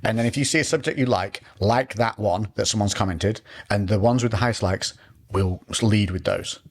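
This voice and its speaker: Teasing podcast host, lower voice. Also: male voice, normal speed. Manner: teasing, laughs often, relaxed. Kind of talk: casual podcast chat.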